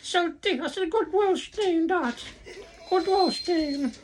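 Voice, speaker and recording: A woman voicing an excitable, chatty female hand puppet in a squeaky high voice, gushing and repeating herself. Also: slow, a little hiss or hum. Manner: gushing and repetitive.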